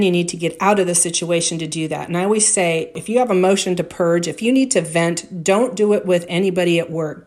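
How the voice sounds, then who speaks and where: A woman's voice: mid-range voice, a little mellow. A woman giving career advice to women in a direct, conversational way, with anecdotes and tips. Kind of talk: motivational advice talk.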